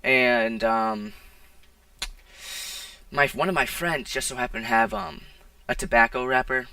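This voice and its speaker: A man's voice: mid-range voice, sing-song, unhurried, gravelly, sharp tone, smooth, no room sound. A teenage boy telling a casual storytime, rambling with lots of "like" and restarts, recorded on a poor mic. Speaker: vlogger. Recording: distant, dry, poor-quality mic.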